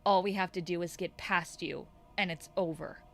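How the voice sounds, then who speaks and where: A woman voicing a tough, brash female monster teen who talks in a gruff, taunting way, reading game lines aloud. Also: fairly low pitch, steady tone, moderate pace, slight background noise, natural voice. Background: game music.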